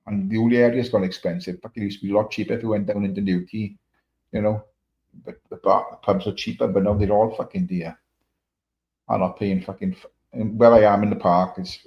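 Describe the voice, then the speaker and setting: A man's voice: deep voice, vocal fry. A middle-aged man from Wales with a Welsh accent, chatting casually on a livestream, rambling through stories and swearing a lot. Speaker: livestream host. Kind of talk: casual chat. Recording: dull lo-fi stream audio.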